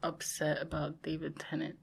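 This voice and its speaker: A young woman co-hosting a podcast, chatting casually with relaxed, chuckling asides. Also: low voice, moderate pace, gravelly, husky. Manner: laid-back, chuckling asides. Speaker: podcast co-host.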